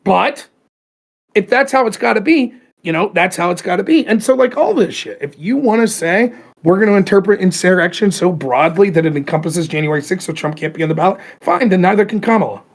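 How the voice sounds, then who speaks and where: A man's voice: high-pitched, lively intonation, a little fast. A man hosting a podcast, ranting animatedly about politics in casual, profane talk. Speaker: podcast host.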